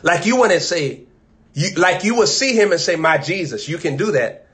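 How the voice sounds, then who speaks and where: An American man preaching a sermon, chanting and repeating phrases, swinging from loud to soft. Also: high-pitched, expressive, normal speed.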